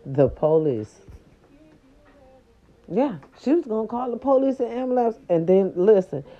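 An older woman telling a story to her viewers in a casual, animated, profane way, with speech. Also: fairly high pitch, brisk. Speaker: storyteller vlogger. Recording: dull lo-fi recording.

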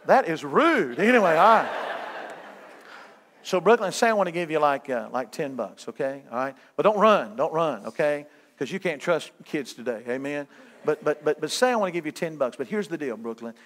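A man's voice: fairly high pitch, expressive, normal speed, fairly bright tone. A middle-aged man preaching a sermon as a guest evangelist, folksy and joking with his listeners.

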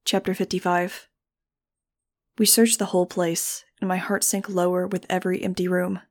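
A woman narrating a first-person audiobook in a measured, grave storytelling manner. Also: fairly low pitch, flat delivery, darkish tone. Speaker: audiobook reader.

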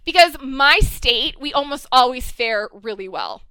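Very high, bright, lively Midwestern woman. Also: unhurried, clean tone, no room sound. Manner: animated, acts out scenes with lots of swearing. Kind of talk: casual chat about movies.

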